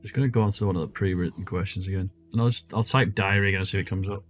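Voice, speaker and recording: A man's voice: deep voice, fairly even intonation, rapid-fire, a little hiss or hum. Chatty man streaming a game. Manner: chatty, thinking aloud while typing. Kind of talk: casual live game commentary.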